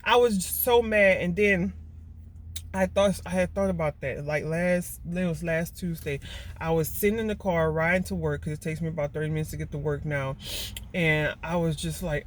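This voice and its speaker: A middle-aged woman, telling a story to her vlog viewers in a casual, emotional way, often repeating herself and stumbling over words. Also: sits low. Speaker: vlogger mom.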